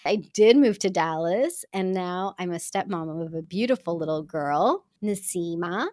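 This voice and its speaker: A woman telling a personal story to women listeners in an earnest, heartfelt and expressive way. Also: on the low side, unhurried, dry recording, clean studio sound. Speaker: speaker addressing women listeners.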